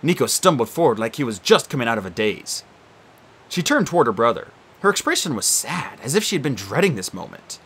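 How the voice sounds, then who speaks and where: Male audiobook narrator, expressive and animated, bright with a husky edge. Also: mid-range voice, fairly quick. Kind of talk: storybook narration.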